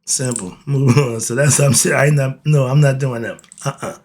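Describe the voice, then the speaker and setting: A man's voice: mid-range voice, fairly even intonation, moderate pace, a little mellow. A man, giving a casual, blunt monologue, often laughing and asking and answering his own questions. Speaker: host of a philosophy talk channel.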